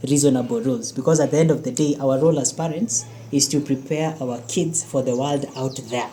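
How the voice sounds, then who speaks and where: A parent, talking casually and earnestly about family rules at length. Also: female voice, very deep voice, fairly even intonation, fairly quick, warm tone, a little hiss or hum. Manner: explains at length, firm and earnest. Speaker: parent co-hosting a family channel. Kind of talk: casual chat.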